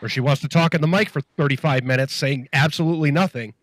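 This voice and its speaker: A man's voice: a little high, fast talker, dry recording. A man co-hosting a casual wrestling podcast, blunt and profane, often laughing.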